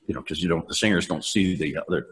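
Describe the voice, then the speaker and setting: A man's voice: low voice, fast. Rambling older man with roomy reverb. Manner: rambling, laughs often, acts out lines. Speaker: voice actor guest. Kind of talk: casual interview storytelling. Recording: long reverb on the voice.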